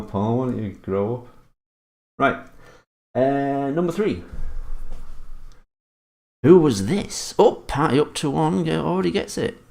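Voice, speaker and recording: A man's voice: on the low side, gravelly, a little mellow. A man hosting a live-stream quiz, reading out viewers' guesses and swearing casually while teasing his chat. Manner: swears often and teases the chat.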